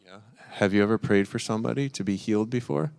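Man, minister running a live service, lowish smooth voice, chatty and encouraging with lots of "um"s. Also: fast, darkish tone. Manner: encouraging, upbeat, many fillers. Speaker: minister leading a church service. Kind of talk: live church service talk. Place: church sanctuary.

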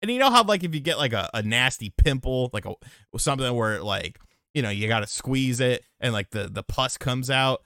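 A man with a bright, forceful voice swears his way through animated, casual stories. His pitch jumps and dips all the time, and the close mic keeps the sound dry and without echo. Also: fairly quick, clear, resonant tone. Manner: profane, animated storytelling. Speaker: podcast co-host. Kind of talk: casual chat.

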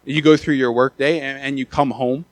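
A man preaching a sermon in a plain mid-pitched voice, recorded dry and close. He talks in a conversational way and often trips over and repeats words as he goes. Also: steady tone, moderate pace, no echo. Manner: builds from quiet talk to loud, high-pitched urgency. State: out of breath after the peak.

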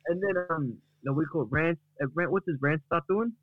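A man casually retelling a comedy bit on a podcast, halting and rambling. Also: on the high side, no echo, narrow, tinny audio. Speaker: podcast co-host.

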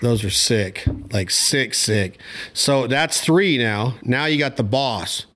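Host guy, mid voice, keeps asking for more, loud duck calls going off behind. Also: medium pitch, lively intonation, slow pace, heavy background noise. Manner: eager, short prompting requests. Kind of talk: casual interview chat.

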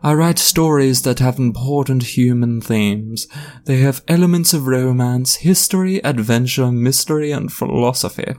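A man doing a put-on posh voice, playing a haughty, self-important man with a pompous, drawn-out delivery. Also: medium pitch, a little mellow, pitched above the performer's own voice, lightly acted.

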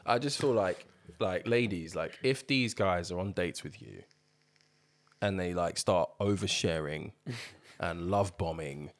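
A man's voice: sits low, measured pace. A man, co-hosting a podcast in laid-back, teasing, slangy banter. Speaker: podcast co-host. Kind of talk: casual banter.

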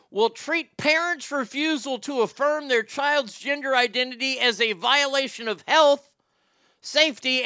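A man's voice: extremely high pitch, pushed and bright, clear, resonant tone, dry recording, studio quality. A man hosting a casual show, ranting sarcastically with lots of profanity. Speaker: podcast host.

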